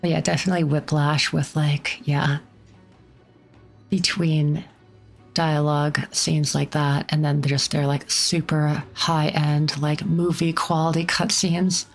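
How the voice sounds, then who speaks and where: Low-voiced chatty woman streamer. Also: level tone, slow pace, faint music behind. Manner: chatty and rambling, full of likes. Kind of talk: casual game commentary.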